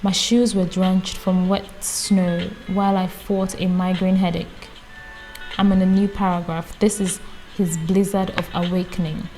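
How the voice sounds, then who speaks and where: A woman reading a book aloud in a calm, casual way, often stopping to add her own amused comments. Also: lowish voice, a little slow, faint music behind, poor audio. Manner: reads calmly, breaks off for amused personal comments. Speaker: audiobook reader. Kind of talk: casual read-aloud with chatty asides.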